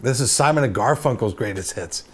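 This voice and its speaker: Lively, chatty storytelling man in his fifties. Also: medium pitch, fairly quick, husky. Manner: chatty, self-deprecating, many asides. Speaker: host. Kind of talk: casual storytelling to camera.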